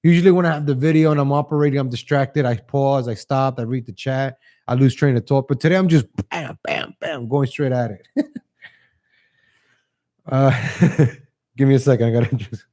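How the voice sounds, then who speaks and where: A man hosting a livestream, giving casual opinion commentary in a rambling way. He chuckles often and calls his viewers ladies and gentlemen. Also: medium pitch, moderate pace. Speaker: livestream host.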